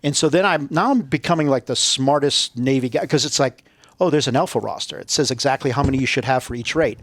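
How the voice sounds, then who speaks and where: A man's voice: medium pitch, quick pace, fairly bright tone, no room sound. A man telling a long, profane story in a casual interview, acting out the people he quotes. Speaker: podcast guest, retired Navy SEAL.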